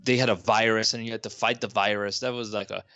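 A man's voice: lowish voice, steady tone, quick pace, sharp tone, clean tone, dry recording, lo-fi sound. A man in his thirties co-hosting a podcast, talking about old films in a rambling, opinionated way that keeps correcting itself. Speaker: podcast co-host. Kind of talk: casual film discussion.

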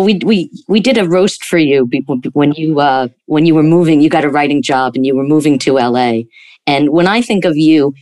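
A woman's voice: deep voice, darkish tone, no room sound. Woman host asking rambling questions. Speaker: interviewer host. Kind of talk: conversational interview.

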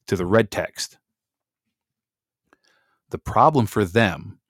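A middle-aged man from Michigan, reading documents aloud slowly with emphasis and breaking into casual chatty asides as a host. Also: fairly low pitch, dry recording, studio quality. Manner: reads slowly with emphasis, then chats in asides.

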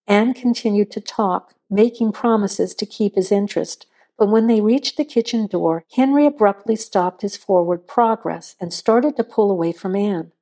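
A woman narrating a suspense story in a measured, suspenseful reading. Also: medium pitch, warm tone.

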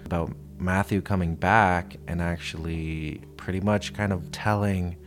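Deep-voiced male host, calm. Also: a little slow, a little hiss or hum. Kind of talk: podcast outro.

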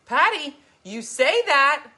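Bright, animated woman vlogger. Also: high voice, takes it slowly. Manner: emphatic, animated storytelling. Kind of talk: casual chat to viewers, reading comments.

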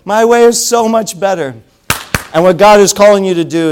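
A man preaching a sermon, telling a story with animated swings between loud calls and hushed asides. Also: high-pitched, moderate pace, slight background noise.

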